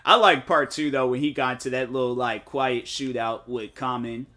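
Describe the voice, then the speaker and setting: A man, a game streamer telling stories in casual chat and jumping into high mock voices. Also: normal speed. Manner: animated storytelling, jumps into high-pitched mock voices. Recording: music playing behind.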